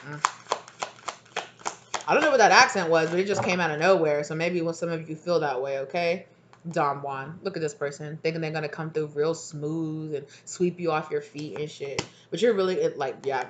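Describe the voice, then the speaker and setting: A tarot reader gives viewers a casual reading in a chatty, emphatic, slangy style, acting out the people described and mumbling asides over the cards. The mid-range voice moves briskly, and the recording has clipped highs plus a little hiss or hum.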